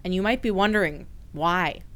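A woman reporter delivering a scripted radio news feature in a measured way. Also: on the low side, a bit bright.

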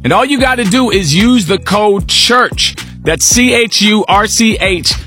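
A man's voice: high-pitched, animated, a little slow, pushed and bright, faint music behind. A male radio show host giving an upbeat, sing-song promo read on a studio mic. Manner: hyped, sing-song number reading.

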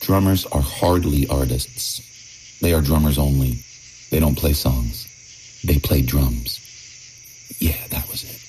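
A man's voice: a bass voice, slow pace, long pauses, mellow, a little hiss or hum, poor audio. A man narrating a personal anecdote in the first person, in a wry, emphatic manner. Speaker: storyteller.

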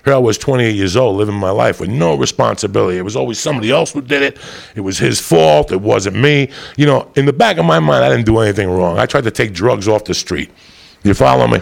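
A middle-aged man doing stand-up, telling a rowdy, profane story and swinging up to loud shouts. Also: medium pitch, lively intonation, a little fast. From New Jersey area. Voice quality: gravelly. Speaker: stand-up comedian.

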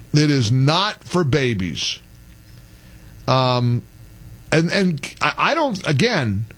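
A middle-aged man hosting a call-in radio show, exasperated and sarcastic, joking with his callers. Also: on the high side. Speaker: radio talk show host.

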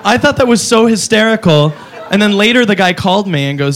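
Guy doing standup, high voice, really bouncy delivery, noisy live recording. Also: brisk. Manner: animated, swings into high squeaky voices for characters. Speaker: stand-up comedian. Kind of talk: stand-up routine.

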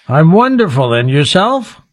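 A man hosting a radio talk show with a fairly high voice that rises and falls with lots of animation. He teasingly quizzes a mystery guest in a playful interview. The sound is dry and close. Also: big pitch swings, measured pace, no echo.

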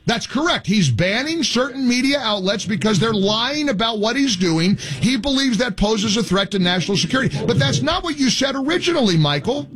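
A man's voice: extremely high pitch, animated, a little fast, hardly any pauses, fairly bright tone, slightly rough. Sarcastic heated male radio host. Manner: sarcastic, mocking, heated and argumentative. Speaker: radio talk show host. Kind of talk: combative call-in radio talk.

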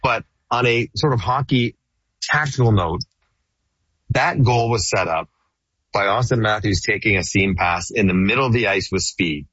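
Middle-aged male hockey broadcaster, husky low voice, dry lo-fi line, chatty and rambling. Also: moderate pace, dry recording. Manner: animated, laughs easily, rambling restarts. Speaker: hockey play-by-play broadcaster guest. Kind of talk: casual sports radio chat.

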